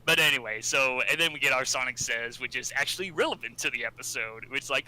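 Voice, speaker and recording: A man's voice: medium pitch, fast, hardly any pauses, sharp tone, poor audio. A man recapping a cartoon episode in casual chat, laughing often and breaking into exaggerated character voices. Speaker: podcast co-host.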